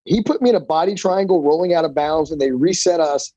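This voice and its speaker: A man tells stories from his jiu-jitsu life in loose, profane chat, his voice a touch high but mellow. The sound is dry and slightly dull. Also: fast, no room sound. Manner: loose and profane, many fillers. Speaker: jiu-jitsu instructor, podcast guest. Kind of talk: casual storytelling.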